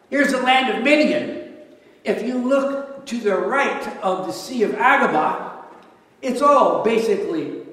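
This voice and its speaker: A man preaching a sermon as a pastor, talking conversationally and asking his listeners rhetorical questions. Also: sits high. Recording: echoey hall, mic at a distance.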